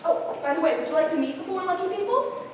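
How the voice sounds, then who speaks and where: High-voiced stage narrator, woman. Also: lively intonation, fast talker. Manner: theatrical, addresses the audience. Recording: echoey hall from far off, noisy.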